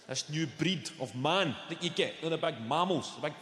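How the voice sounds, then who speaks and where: A Scottish man delivers stand-up comedy with brash, sweary storytelling and a high-pitched voice. He is recorded on a stage in a big hall with long reverb. Loud audience noise fills the space behind him. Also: expressive, moderate pace. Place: large venue stage. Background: audience laughter.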